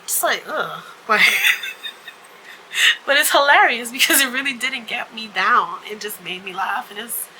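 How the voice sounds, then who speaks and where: A woman's voice: on the high side, a little slow, pushed and bright, slight background noise, poor audio. A woman hosting her own vlog, chatting casually to camera and telling stories with lots of fillers. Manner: chatty storytelling with frequent fillers and laughs. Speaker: vlog host.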